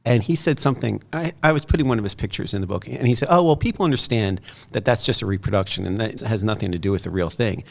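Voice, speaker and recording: Gravelly, animated middle-aged male storyteller. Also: fairly low pitch, quick pace, few pauses. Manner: animated storyteller, quoting others in lively voices. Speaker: guest artist and author. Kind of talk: casual conversation.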